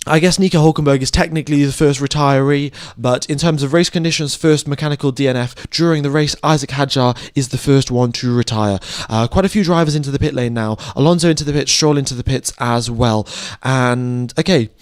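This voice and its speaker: A young man giving live motorsport commentary on a stream, excitable and chatty, talking straight to his viewers. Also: medium pitch, a little fast, smooth, dry recording, clean studio sound. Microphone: headphones on, home streaming mic.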